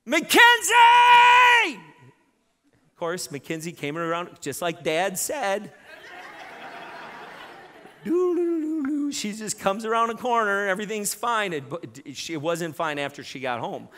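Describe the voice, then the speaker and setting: A middle-aged man preaching a sermon, telling a lively story with many repeated starts. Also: high voice, unhurried. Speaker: pastor. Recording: long reverb in a church hall.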